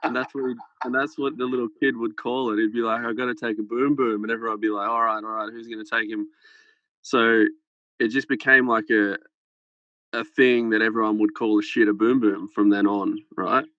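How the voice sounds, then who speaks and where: A man's voice: fairly low pitch, flat delivery, brisk, sharp tone, dry recording, muffled recording. A man guest on a podcast, telling a rambling, swear-filled anecdote in casual chat over a phone held close to his head. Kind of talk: casual storytelling. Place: farmhouse.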